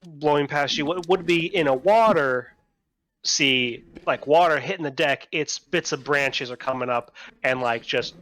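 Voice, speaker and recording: A man narrating as dungeon master in an online tabletop game, halting and full of fillers. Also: on the high side, a bit bright.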